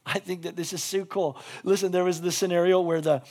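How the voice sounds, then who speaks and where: A male pastor delivers a sermon in a high, bright-toned voice. He talks casually with lots of "like" fillers, jumping between loud, excited bursts and quiet, intimate asides. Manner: animated, quick shifts between loud bursts and hushed asides.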